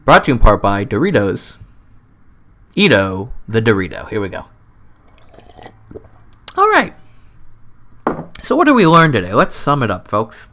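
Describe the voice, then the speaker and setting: A man's voice: huge pitch swings, a little slow, pauses often. Goofy man rambling into a close mic. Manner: goofy, self-mocking, wildly swinging pitch and loudness. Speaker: host of his own comedy show. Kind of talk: rambling comic monologue. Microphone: close desk mic.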